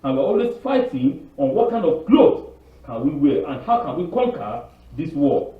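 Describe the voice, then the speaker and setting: A man giving an informal, rambling sermon, asking rhetorical questions and answering them himself, and acting out other people's voices with big jumps in pitch. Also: sing-song, normal speed. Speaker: spiritual leader giving a weekly Torah talk. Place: Canada. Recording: distant, echoey, phone-like room recording.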